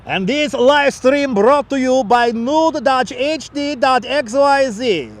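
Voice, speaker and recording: A man putting on a loud, hammy accent as a jokey ad announcer during an outdoor livestream. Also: slow pace. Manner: loud, hammy sales pitch. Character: jokey over-the-top male ad announcer, exotic accent. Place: outdoors by an airport. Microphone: wireless clip-on mic.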